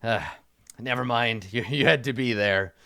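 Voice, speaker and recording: A man's voice: medium pitch, a little slow, vocal fry, sharp tone, no echo, studio quality. A man voicing a cheery old skeleton camp doctor in monk's robes, who speaks in a jolly, folksy and reassuring way. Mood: jovial.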